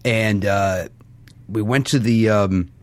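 A man, a podcast guest, telling a story in a casual, animated way, self-deprecating, with many restarts and fillers. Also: fairly low pitch, slow pace, no room sound.

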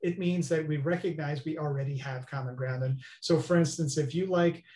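Earnest male guest, slightly high voice, roomy echo. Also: steady tone, brisk, mellow. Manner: earnest, explanatory, often asks "right?". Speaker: guest expert. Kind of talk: interview conversation.

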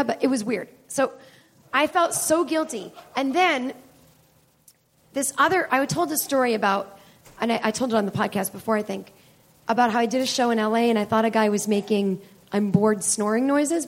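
A woman comedian with a fairly high voice tells a story on a club stage in front of a live audience. She is chatty and swears freely. She acts out both sides of each conversation herself. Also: a little fast. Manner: chatty and profane, acting out both sides of dialogues. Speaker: comedian and podcast host.

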